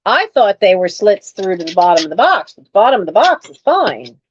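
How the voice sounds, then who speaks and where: A woman's voice: medium pitch, big pitch swings, a little fast, highs cut off, a little hiss or hum. A woman selling collectibles online, chatting casually as she unboxes her finds and exclaims over them. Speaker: online reseller hosting a live sale. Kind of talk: casual chat while unboxing.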